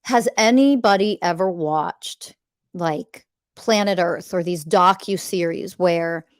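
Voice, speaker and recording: A woman's voice: lowish voice, slow pace, no room sound, clean studio sound. A woman hosting a spiritual coaching podcast, speaking in a blunt, emphatic monologue full of swearing and urgent pleas to her listeners.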